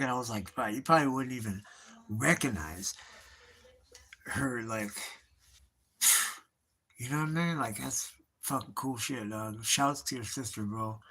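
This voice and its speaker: A middle-aged man with a bright, forward voice talks in a loose, rambling way, full of slang and swearing. He keeps addressing his listener as bro and dog, trails off mid-thought and picks the story back up, his pitch sitting in an ordinary middle range. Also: moderate pace, breathy edge. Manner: nostalgic storytelling, trailing off and restarting. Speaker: artist streaming live. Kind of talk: rambling casual monologue.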